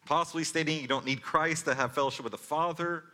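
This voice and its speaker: A man in his thirties preaching a sermon as pastor, telling stories earnestly and moving between forceful and hushed delivery. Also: fairly high pitch, quick pace. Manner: earnest storytelling, varies loudness from forceful to hushed.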